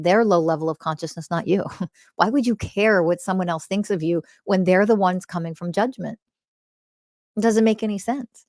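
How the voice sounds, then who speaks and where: A woman with a lowish voice preaches on her own podcast, fiery and blunt, dropping curses for emphasis and laughing along the way. The sound is dry and close to the mic. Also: no room sound. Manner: impassioned, preachy, swears for emphasis, laughs often. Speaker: podcast host. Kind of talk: spiritual monologue.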